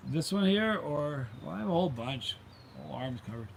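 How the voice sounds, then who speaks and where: Reading live chat on his channel's stream, a middle-aged man talks a little fast in an animated, high-leaning voice with some vocal fry. He chats casually and wanders into rambling, sidetracked stories over a slight hiss or hum.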